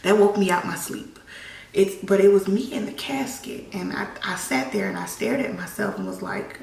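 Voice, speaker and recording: A young woman telling a personal story on her vlog, halting and emotional with many restarts, holding back tears. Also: mid-range voice, gravelly, distant mic. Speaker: vlogger. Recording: echoey room, voice a bit off-mic.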